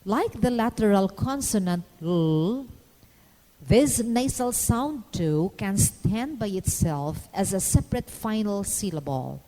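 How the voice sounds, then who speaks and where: A woman narrating a scripted phonetics lesson in a measured, instructional way, pausing to demonstrate each sound. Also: mid-range voice, animated, mellow, big-room sound, poor audio. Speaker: phonetics teacher.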